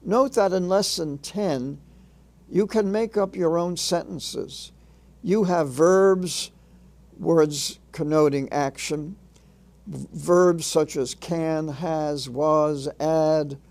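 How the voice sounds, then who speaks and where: Guy doing a slow phonics lesson, kinda high voice, sounds out each letter. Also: darkish tone. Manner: measured, spells out letters and sounds one by one. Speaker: reading teacher. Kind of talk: slow instructional narration.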